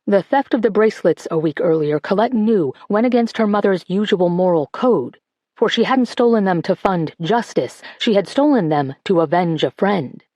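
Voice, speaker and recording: A woman narrating an audiobook in a measured, expressive reading. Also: mid-range voice, no echo.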